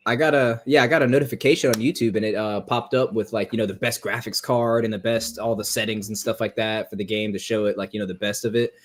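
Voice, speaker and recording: A man's voice: fairly low pitch, steady tone, quick pace, hardly any pauses. A young man co-hosting a podcast in casual chat, a laughing storyteller who retells comedy clips. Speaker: podcast co-host.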